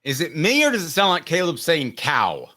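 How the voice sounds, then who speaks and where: A middle-aged man hosts a casual sports podcast in a jokey, teasing way. His voice swings widely in pitch and has a bright, forward edge. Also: huge pitch swings, moderate pace. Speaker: podcast host.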